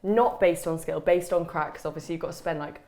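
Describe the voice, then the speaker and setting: A woman's voice: lowish voice, fairly even intonation, fast talker, mellow. A woman hosting a casual chat, asking playful, teasing questions. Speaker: host.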